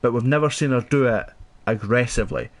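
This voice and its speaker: A Scottish man co-hosting a podcast in casual chat, animated and sweary, thinking aloud as he talks. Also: mid-range voice, brisk. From Scotland. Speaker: podcast co-host.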